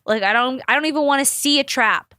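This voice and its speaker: Speaking fast in a high, sharp voice, a young woman hosts a podcast full of casual storytelling. She rambles, swears freely and performs the people she quotes with big voices. The studio-quality recording has no echo.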